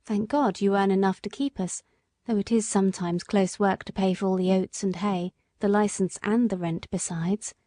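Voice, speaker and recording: Brief: a woman voicing a soft-spoken loving wife, heartfelt, mellow tone, dry sound. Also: mid-range voice, steady tone, moderate pace, no room sound, lightly acted. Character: gentle, devoted working-class wife and mother.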